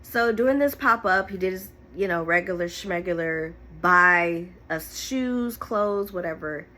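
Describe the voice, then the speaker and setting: A woman with a bright, forceful voice shares a painful personal story to camera. She talks candidly and animatedly, fighting back tears at moments. Her delivery is vivid and heartfelt. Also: on the low side, measured pace. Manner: emotional, candid, animated retelling. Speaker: storyteller vlogger.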